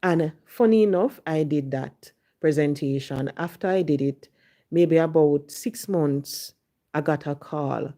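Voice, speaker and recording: Jamaican woman telling her story, pretty low voice, mellow tone, drops into patois for the quotes. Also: unhurried. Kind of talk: personal storytelling.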